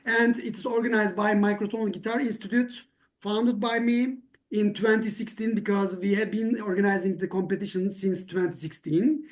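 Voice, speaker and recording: A man whose first language is Turkish hosts an online awards ceremony. He speaks in a friendly but hesitant way, pausing often on fillers. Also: high-pitched, steady tone.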